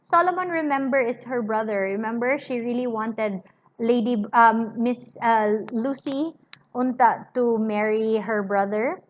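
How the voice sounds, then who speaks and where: A woman's voice: a little high, unhurried. Chatty woman teacher reading to a class. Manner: chatty, with fillers and reminders. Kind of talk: reading a novel aloud to a class. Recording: dull lo-fi recording.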